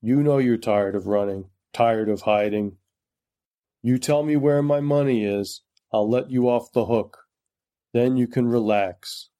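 A man voicing a cruel male crime boss who taunts and threatens in a quiet, measured way. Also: mid-range voice, lightly acted. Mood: quietly menacing.

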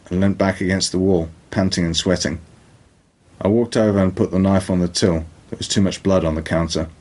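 A man's voice: deep voice, a little mellow. A man with a British accent reading a crime audiobook in a dry, matter-of-fact way. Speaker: narrator. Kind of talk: audiobook narration.

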